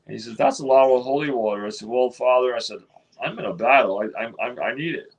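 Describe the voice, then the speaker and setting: A man's voice: medium pitch, quick pace, slightly rough, rough recording. Man telling a long rambling story. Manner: rambling, many restarts, quotes others in his own voice. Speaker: interview guest. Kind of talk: storytelling in a casual interview.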